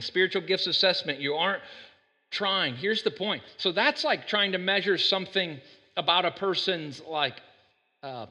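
A man preaching a conversational sermon, often checking in with "right?" and getting louder to stress his points. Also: a little high. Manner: conversational, keeps asking the room "right?"; animated, jumps in loudness when stressing points. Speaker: pastor. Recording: long hall reverb.

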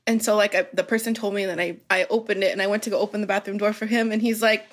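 A woman's voice: medium pitch, flat delivery, rapid-fire. A young woman telling a story in casual podcast chat, laughing often, swearing and filling her talk with "like". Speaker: podcast guest.

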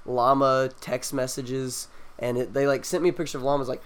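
A young man in casual chat tells a story to his friends. He is animated and slips into the voices of the people he quotes. His pitch sits mid-range for a man. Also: normal speed, smooth. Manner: animated, acts out quoted lines.

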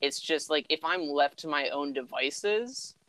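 A young man in relaxed conversation, easygoing and laughing as he tells loose stories. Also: a little high, a little slow, smooth, rough recording. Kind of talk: casual chat.

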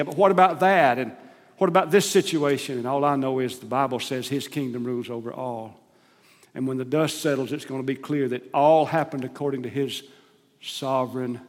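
Emphatic preacher man, reverberant hall. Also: medium pitch. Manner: emphatic preacher, rising to loud stressed phrases and dropping to soft asides. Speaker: pastor. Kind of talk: sermon.

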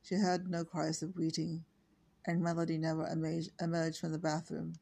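An author reads their own book aloud in a steady, flat voice. The tone is gravelly, husky and dark, and the asides between parts are hesitant and full of fillers. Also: mid-range voice, moderate pace. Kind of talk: audiobook reading.

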